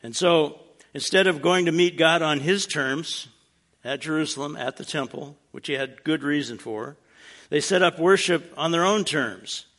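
A man preaching in a relaxed, conversational way, with a fairly high voice that is gravelly and bright. He keeps his teaching plainspoken and slips in dry, joking asides. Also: moderate pace. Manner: casual and plainspoken with wry humorous asides. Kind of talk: conversational sermon.

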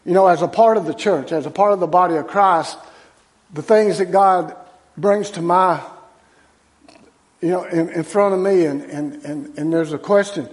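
A man delivers a sermon in a notably high voice. He talks to the congregation like old friends, with folksy asides and frequent restarts. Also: normal speed. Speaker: associate pastor. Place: church sanctuary.

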